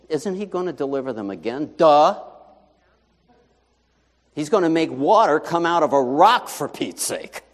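Animated male preacher in a reverberant hall. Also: fairly high pitch. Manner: animated, conversational preaching full of rhetorical questions. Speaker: pastor. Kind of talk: sermon. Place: church sanctuary. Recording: long reverb in a large hall.

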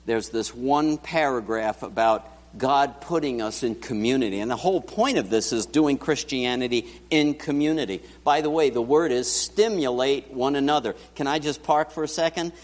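In an animated sermon, a pastor addresses his congregation directly and frequently puts questions to them, his medium-pitched voice moving at a moderate pace with few pauses. The recording echoes with church hall reverb.

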